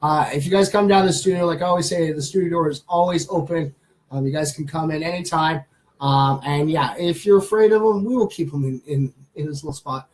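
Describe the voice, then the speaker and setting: A man with a slightly high voice chats casually on a livestream, leaning on fillers and restarts. He keeps breaking off to coo softly at a baby lizard on his hand. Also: brisk, low-quality recording. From Canada. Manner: chatty, many fillers, coos softly at the animal. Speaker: streamer showing a pet lizard.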